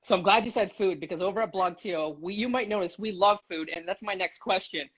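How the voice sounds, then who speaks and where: A man's voice: high-pitched, fast talker, fairly bright tone, husky, lo-fi sound. A man interviewing a guest for a city blog over a video call, chatty, upbeat and openly fanboyish.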